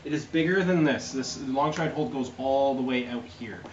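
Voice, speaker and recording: A man's voice: mid-range voice, normal speed, crowd noise. A man narrating a tabletop game as game master, in a casual, chatty way. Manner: casual, chatty, laughs often. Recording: roomy, dull, lightly noisy home recording.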